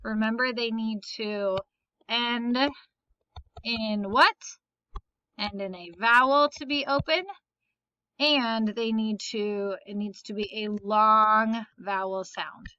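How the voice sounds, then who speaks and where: A woman's voice: fairly high pitch, steady tone, slow, pushed and bright, clean tone, no echo, highs cut off. A woman teaching a phonics lesson, patiently asking questions and then answering them herself. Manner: patient, asks and answers her own questions.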